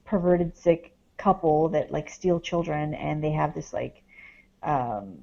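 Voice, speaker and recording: A woman's voice: low voice, lively intonation, slow pace, creaky, mellow, dull audio. A woman, a paranormal investigator, talks casually as a podcast guest, rambling with many fillers as she tells a story. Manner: rambling, heavy on "like" and "um".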